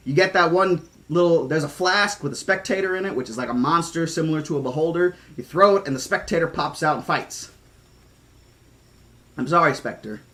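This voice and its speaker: Excitable man reading to his chat. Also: on the high side. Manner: excitable, thankful, chatty. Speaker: streamer reading a novel aloud. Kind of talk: audiobook reading with chat shout-outs.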